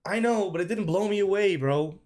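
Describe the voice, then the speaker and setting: Emphatic streamer man, slightly high voice. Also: brisk, darkish tone. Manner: emphatic, repeats himself, says "bro" often. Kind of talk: casual live-stream commentary.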